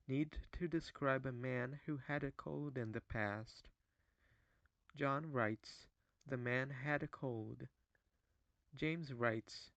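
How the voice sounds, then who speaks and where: A man giving a scripted narration of language trivia in a measured, even explanatory delivery. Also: medium pitch, creaky, dry recording, highs cut off.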